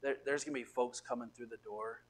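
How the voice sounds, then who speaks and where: A pastor preaching a sermon, animated, often repeating words and swinging between quiet asides and loud emphasis. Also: male voice, medium pitch, quick pace, slightly rough. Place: church sanctuary.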